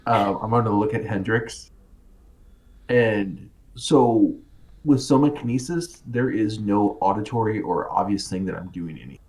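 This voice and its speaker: A man's voice: on the low side, measured pace, a little mellow. A man playing a tabletop game, explaining his move in a matter-of-fact way. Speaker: player. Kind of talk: casual tabletop play.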